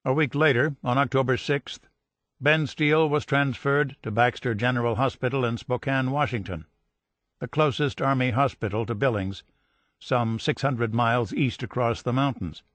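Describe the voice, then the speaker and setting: A man reading a history audiobook in measured scripted narration, lifting his voice for quoted dialogue. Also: mid-range voice, a bit bright, no echo. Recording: dry studio voice-over.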